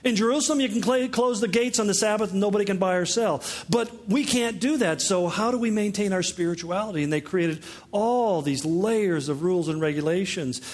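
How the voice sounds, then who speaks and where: A man with a notably high voice gives a sermon in a relaxed teaching manner. He mixes explanation with wry, joking asides. His delivery stays chatty, not declamatory. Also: brisk, few pauses. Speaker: pastor.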